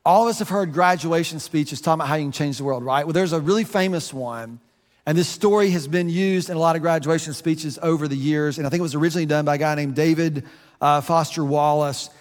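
A man's voice: on the high side, fast talker, long reverb tail. A man from the United States preaching a sermon in a conversational way, restarting phrases and adding asides. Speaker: pastor.

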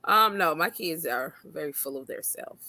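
A woman's voice: low-pitched, lively intonation, normal speed, bright, forceful tone. Laughing, slangy woman co-host. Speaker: podcast co-host. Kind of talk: casual chat.

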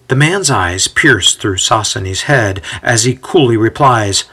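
A man giving a measured, scripted story narration. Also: fairly low pitch, bright, forceful tone.

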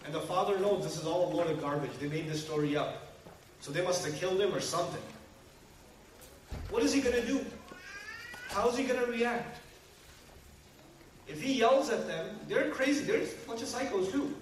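A man preaching a sermon to a live audience, animated and full of rhetorical questions aimed at the listeners. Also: high-pitched, normal speed, long pauses, a little hiss or hum. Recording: very echoey hall, mic far off, faint ambience.

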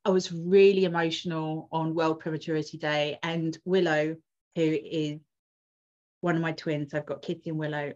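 A woman's voice: low-pitched, flat delivery, normal speed, darkish tone. A woman, a twin mother and doula, telling a personal story in casual conversation, emotional and full of restarts. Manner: emotional, rambling with many restarts. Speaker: podcast guest, twin mum and doula. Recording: dull lo-fi audio.

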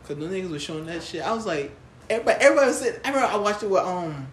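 A man co-hosting a podcast, chatting casually about movies in relaxed slang. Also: rapid-fire. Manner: laid-back, slangy, laughs along. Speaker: podcast co-host. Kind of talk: casual chat. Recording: echoey room with faint rumble.

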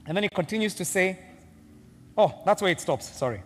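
A man preaching a sermon, animated and joking as he teases his congregation. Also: high voice, fairly quick, soft background music. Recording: long reverb of a big hall.

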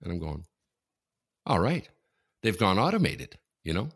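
With a deep, gravelly, husky voice and a slightly slow delivery, a Canadian man co-hosting a casual podcast tells animated anecdotes, laughing all the way through them.

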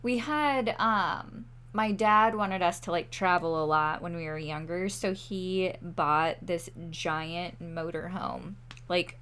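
A woman co-hosting a casual chat, reacting quickly and teasing, with many fillers. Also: fairly low pitch, a bit bright, clear, resonant tone.

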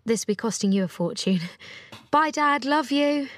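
An actress playing a teasing, affectionate young newlywed bride in an audio drama. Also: female voice, sits high, expressive, normal speed. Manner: teasing, warm with laughter.

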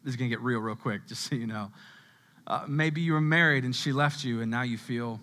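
A young adult man preaching a sermon in a conversational style, repeating words as he goes and dropping to a low hush on key words. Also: steady tone, brisk. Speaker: pastor.

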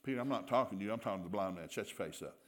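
A man acting out a calm, teasing male teacher in a sermon story, talking bluntly and playfully. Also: lowish voice, racing, close to an everyday voice.

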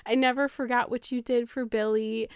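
Santa: kind old man, a woman doing him, tender and soft, light higher pitch. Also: little pitch movement, moderate pace, smooth, no room sound, studio quality, lightly acted. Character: kindly Santa Claus, old man, gentle and admiring.

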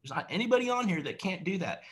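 A male host on a video call giving an energetic, preachy coaching talk and laughing often. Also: high-pitched, quick pace.

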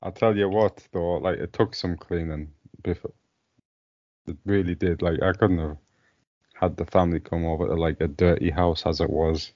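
A man's voice: sits low, steady tone, moderate pace, a little mellow, dry recording, lo-fi sound. A man co-hosting a podcast, chatting casually, joking, laughing often and restarting his sentences. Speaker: podcast co-host. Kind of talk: casual banter.

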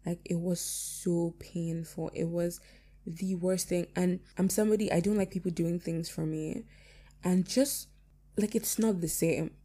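A woman's voice: fairly low pitch, steady tone, unhurried, mellow, husky. A young woman talking candidly about personal loss to her audience, reflective, with many fillers, her voice cracking near tears. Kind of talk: casual personal talk to camera.

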